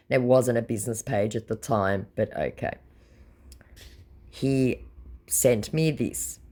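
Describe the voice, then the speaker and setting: A woman's voice: rumbling low, slow pace, pauses often, mellow. An Australian woman hosting a scam-baiting channel, chatting casually and sarcastically as she reads out chat messages, blunt and swearing freely.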